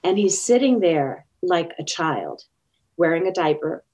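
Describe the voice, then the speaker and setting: A woman's voice: fairly low pitch, big pitch swings, unhurried, darkish tone. A woman telling personal stories as an interview guest, earnest and acting out the quotes. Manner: earnest, acts out quoted speech. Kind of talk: personal storytelling in conversation.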